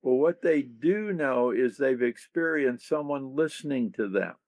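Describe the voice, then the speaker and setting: A man's voice: medium pitch, expressive, darkish tone, no room sound. A man, a leadership author talking thoughtfully in an interview and acting out example questions. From United States. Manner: slow, gravelly, thoughtful, acts out quoted questions. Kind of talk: reflective interview talk.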